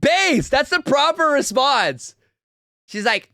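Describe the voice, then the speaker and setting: A young man hosting a livestream, reacting to a video with loud, mocking, excitable commentary. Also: high-pitched, moderate pace, dry recording, clean studio sound. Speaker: streamer host.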